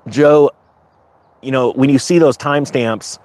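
A man hosting a casual livestream, talking in a rambling, sarcastic way that climbs into high, excited outbursts. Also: unhurried, dry recording. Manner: animated, sarcastic, rising to high excited pitch; rambling with many restarts. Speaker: crypto market livestream host.

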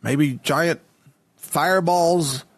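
A man with a somewhat high, husky voice delivers an opinionated monologue on current affairs. He talks casually, with frequent restarts and a mocking edge. The sound is dry and close. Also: extremely slow, dry recording. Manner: opinionated, mocking, mimics others' pronunciation. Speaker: political commentator.

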